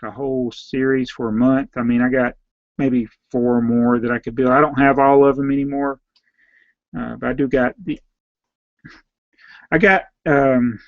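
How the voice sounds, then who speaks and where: A man with a Southern US accent, a slightly hoarse YouTube host who reads out viewer names and questions and answers them in a rambling, offhand way. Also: medium pitch, no echo, dull audio. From Southern United States. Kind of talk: casual live Q&A.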